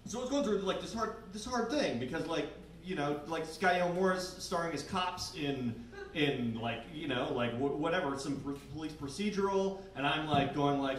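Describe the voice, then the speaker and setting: A man's voice: on the high side, normal speed. A young man doing a stand-up comedy set in a bar basement, rambling and self-deprecating, full of "like" and swearing. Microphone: handheld recorder out in the room. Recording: echoey basement, distant recorder, faint room noise.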